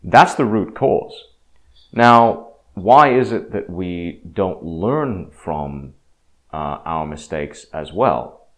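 Low-voiced man rambling on faith. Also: lively intonation, very slow. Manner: rambling, frank, with many restarts. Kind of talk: casual religious reflection.

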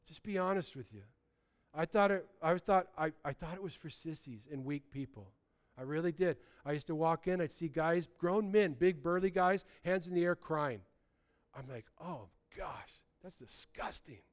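A man preaching a sermon in a lively, conversational way, often restarting his sentences. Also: a little high, normal speed. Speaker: pastor.

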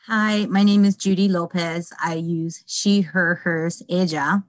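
A middle-aged woman from Connecticut, a podcast guest, speaking in a measured, hesitant way with frequent ums. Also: lowish voice, fairly even intonation, no room sound. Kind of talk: casual interview chat.

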